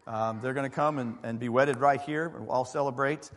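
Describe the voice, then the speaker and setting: A man's voice: mid-range voice, fairly even intonation, fairly quick. Guy pastor giving a chatty sermon w/ lots of ums, church hall echo. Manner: conversational preaching with fillers and asides to the congregation. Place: church sanctuary. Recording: long hall reverb.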